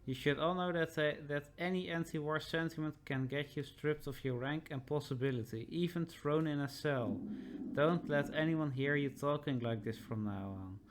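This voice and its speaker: A man voicing a stern, burdened army captain in a video game, speaking in a measured, grave and authoritative way. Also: a little high, a little hiss or hum, close to an everyday voice.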